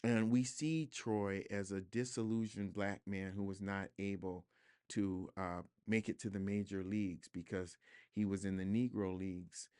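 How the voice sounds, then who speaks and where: Smooth low-voiced man, earnest. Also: fairly even intonation, moderate pace, darkish tone, no echo, studio quality. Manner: earnest, reflective, building to emphatic. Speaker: guest author. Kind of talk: podcast interview conversation. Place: studio.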